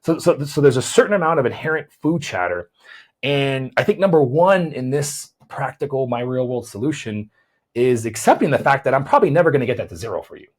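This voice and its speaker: A man's voice: medium pitch, very animated, brisk. A man, a chiropractor hosting a podcast, explains weight loss in a conversational way, often repeating words as he thinks and checking in with "right?".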